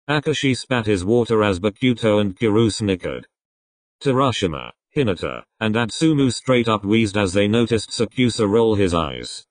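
A man reading a fan story aloud in a lively storytelling manner. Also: lowish voice, moderate pace, no room sound, low-quality recording. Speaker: fanfiction reader.

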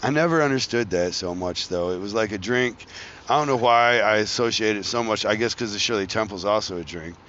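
A man talking on his own podcast in a loose, wandering monologue, cracking jokes and cursing as he drifts between ideas. His voice is bright and forceful, and the recording sounds dull and lo-fi. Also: on the low side, brisk, slight background noise. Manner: joking, profane, wanders between tangents. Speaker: podcast host. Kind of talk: casual rambling monologue.

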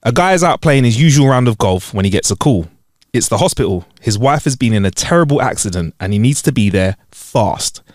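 A man's voice: medium pitch, animated, a little fast, a little mellow, no echo, studio quality. A man hosting a comedy podcast, chatting in slang and reading jokes aloud. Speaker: podcast host. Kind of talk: casual chat and joke reading.

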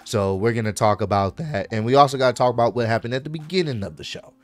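A man's voice: medium pitch, fast talker. A man hosting his own channel, casually recapping a wrestling show and animatedly acting out what the wrestlers said. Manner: animated, acts out wrestler quotes. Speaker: wrestling commentary youtuber.

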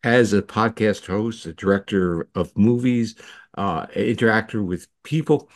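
Low-voiced man explaining steadily. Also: no room sound, studio quality. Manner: lecturing, steady explaining with restarts. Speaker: guest scientist. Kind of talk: explanatory interview talk.

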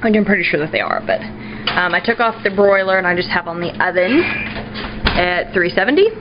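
A woman's voice: on the low side, very animated, fairly quick, background noise. A woman with a Southern US accent, chatting casually through dinner prep for her family vlog, rambling with lots of ums and likes. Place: home kitchen. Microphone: handheld camera. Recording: lo-fi home video with family chatter.

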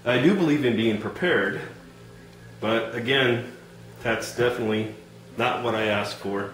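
A man playing a calm, polite customer who hesitates and fills his sentences while growing frustrated in a comedy sketch. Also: medium pitch, unhurried, reverberant, a little hiss or hum, close to an everyday voice, low-quality recording. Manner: calm, hesitant, over-polite, lots of fillers.

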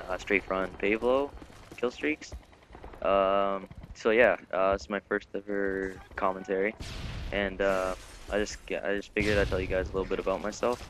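An eighteen-year-old man from Canada giving laid-back gaming commentary with lots of ums and uhs. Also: low voice. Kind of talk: casual gameplay commentary. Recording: gunfire noise from game audio.

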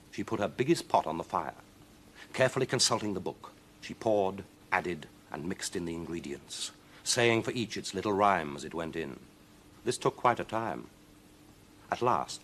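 A man reading a children's story aloud in a lively, expressive way. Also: deep voice, slight background noise.

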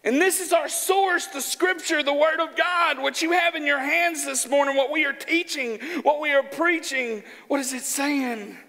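A man from Arkansas preaching a sermon in a church, joking in a folksy, animated way. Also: very high-pitched, moderate pace, hardly any pauses. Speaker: pastor. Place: church sanctuary. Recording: church hall with long reverb.

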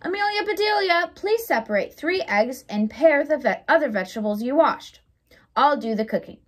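A woman voicing a flustered, exasperated lady of the house in a storybook, in a shrill, exclaiming way. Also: expressive, normal speed. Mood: brisk.

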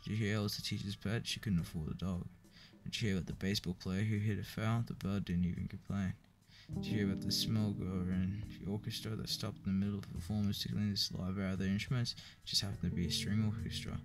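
A man reading a joke book aloud in a flat, weary way, with profane asides. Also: lowish voice, fast, hardly any pauses. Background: clear background music.

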